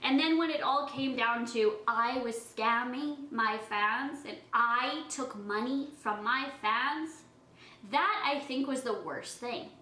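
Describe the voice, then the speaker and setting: A woman's voice: on the high side, takes it slowly, sharp tone, reverberant, poor audio. A young woman vlogger chatting casually while eating, talking in a defensive, emotional way. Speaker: beauty vlogger. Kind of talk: casual eating-show vlog talk.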